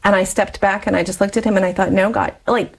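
A woman's voice: mid-range voice, level tone, very fast, rough recording. A woman in her forties, a guest in an interview, telling a personal story in a chatty way and laughing often between phrases.

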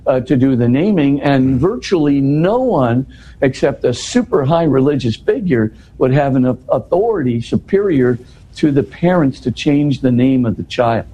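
A man giving an explanatory talk in an interview, teaching in an animated way and often checking in with "right?". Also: mid-range voice, normal speed, slight background noise, poor audio. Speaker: interview guest explaining scripture.

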